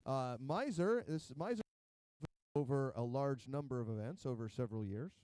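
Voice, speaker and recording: A man's voice: mid-range voice, expressive, moderate pace, clear, resonant tone, no room sound. A man announcing robot combat matches, counting down and calling the hits live. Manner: counts down loudly, calls hits. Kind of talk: live arena commentary.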